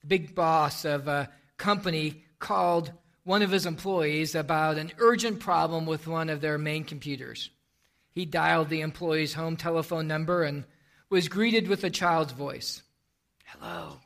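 Male pastor preaching, high voice with a gravelly edge, storytelling delivery. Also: a little slow, a bit bright. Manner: storytelling, then reading scripture and praying. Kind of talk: sermon.

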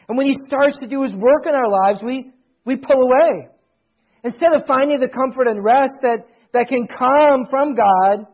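A middle-aged male pastor preaching a sermon, swelling loud, then dropping to near whispers. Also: very high-pitched, breathy edge, dull audio.

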